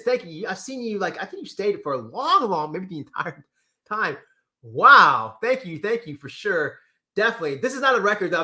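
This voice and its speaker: A man hosting a casual livestream, reading chat comments with lively exclamations and repeated words. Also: sits high. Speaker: livestream host.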